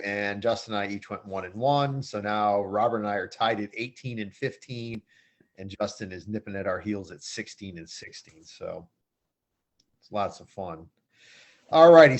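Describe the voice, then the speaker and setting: A man hosting a sports picks show in a chatty, jokey, rambling way. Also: fairly low pitch. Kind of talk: casual sports picks chat.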